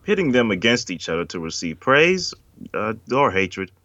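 A man's voice: lowish voice, very animated, moderate pace, bright, forceful tone, dry recording. A man delivering a scripted podcast intro with a co-host. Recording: dull, muffled sound.

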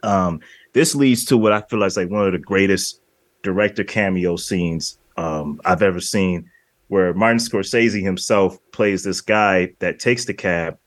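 Low-voiced male podcast co-host, rambling film chat, dry close sound. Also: a little slow, no room sound. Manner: rambling, acts out movie lines in quoted voices. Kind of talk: casual film discussion.

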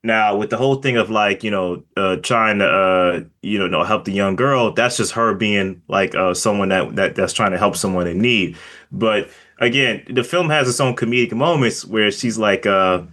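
A man's voice: fairly low pitch, moderate pace, fairly bright tone. A man reviewing a film in a casual podcast chat, rambling with many fillers and restarts.

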